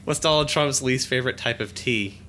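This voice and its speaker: A man's voice: medium pitch, brisk, sharp tone, slight background noise. A man co-hosting a podcast, joking and laughing often in casual chat. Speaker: podcast co-host.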